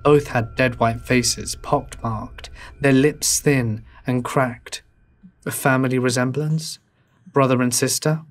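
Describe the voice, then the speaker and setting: A man narrates a scripted horror tale in a measured, somber delivery. His voice sits in a plain middle range for a man, and he keeps the telling steady. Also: medium pitch.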